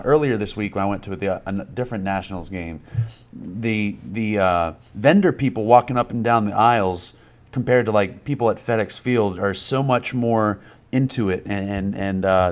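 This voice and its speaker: A man's voice: on the low side, moderate pace. A man co-hosting a casual sports podcast, telling a story and laughing as he goes. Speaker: podcast co-host.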